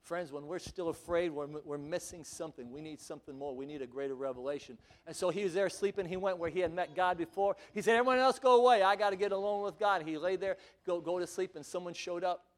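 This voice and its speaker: A man with a high voice preaches a sermon. He delivers it emphatically, piling up rhetorical questions and at times pushing toward a shout. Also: brisk, few pauses.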